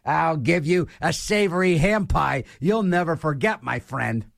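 A man's voice: fairly high pitch, expressive, unhurried, creaky, fairly bright tone, no room sound, clean studio sound, voice pushed down, full character voice. A man doing a blustery tough guy. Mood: threatening. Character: tough guy picking a fight.

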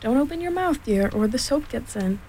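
A woman voicing a cheerful, firmly motherly female kangaroo in a storybook reading, soothing but brisk. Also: high-pitched, animated, mellow, slight background noise, voice pushed up, poor audio.

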